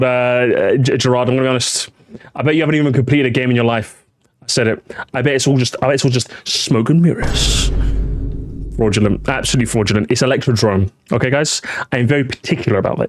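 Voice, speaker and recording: A British man streaming live, reacting to videos and chatting to his viewers in a rambling, animated way. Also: medium pitch, fast talker, a little hiss or hum. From Britain. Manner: animated, chatty, repeats himself, addresses chat. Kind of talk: casual live-stream commentary.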